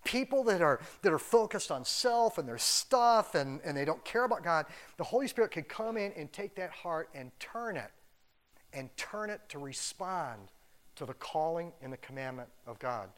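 A man, a pastor, preaching a casual, animated sermon full of "like" fillers. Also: sits high, moderate pace.

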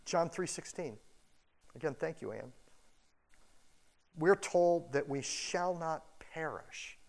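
A pastor giving a casual, animated sermon in a church, acting out quoted voices as he goes. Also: on the high side, takes it slowly, vocal fry. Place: church building.

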